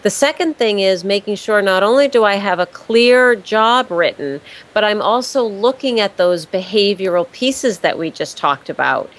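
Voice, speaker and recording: A woman's voice: medium pitch, expressive, moderate pace, poor audio. A woman business consultant answering interview questions, laying out her points step by step and stressing key words by repeating them. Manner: structured, explains step by step.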